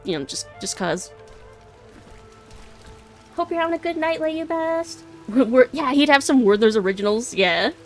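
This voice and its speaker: Giggly, rambling young woman streamer. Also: medium pitch. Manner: rambling, giggly, self-correcting. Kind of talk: casual gaming commentary.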